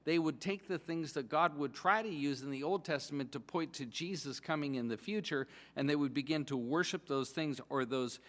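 A pastor giving a sermon in a conversational, excitable way, often restarting his sentences. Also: a little high, moderate pace, hardly any pauses, in a large hall.

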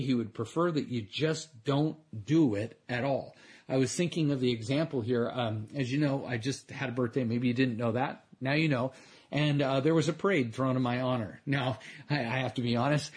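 A man with a husky, slightly breathy voice preaches an earnest sermon. He speaks in a conversational way and often restarts his phrases. His pitch sits in an ordinary middle range for a man. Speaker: pastor.

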